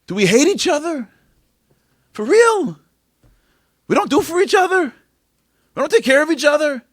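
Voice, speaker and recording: At a Tisha B'Av event venue, a man gives an impassioned inspirational talk at a moderate pace, his very high voice leaping with lively energy. He fires off rhetorical questions and swings from loud bursts to near hushes, and the sound is close and dry with no echo.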